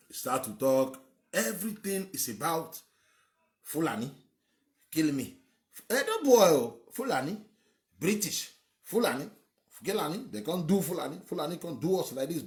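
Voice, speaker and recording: Nigerian man, host, lively rising-and-falling delivery, repeats himself for emphasis, opinion piece. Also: on the high side, moderate pace. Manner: emphatic, repetitive, rambling. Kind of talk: opinionated monologue.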